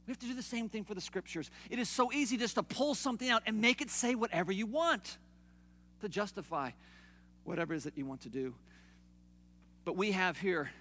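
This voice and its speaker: Man, pastor preaching, high voice, long hall reverb, conversational with loud emphatic bursts and quiet drops. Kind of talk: sermon.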